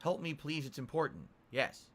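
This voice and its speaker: This livestream host has a fairly high, slightly rough voice with a fairly bright tone and wide pitch swings, speaking at a moderate pace. He answers viewer questions from the chat casually, mocking himself sarcastically and restarting a lot.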